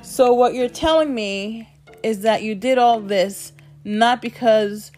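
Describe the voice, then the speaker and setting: A woman's voice: fairly high pitch, slow pace, a little mellow, faint music behind. A woman voicing a blunt, skeptical social worker who challenges her and presses with questions. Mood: challenging.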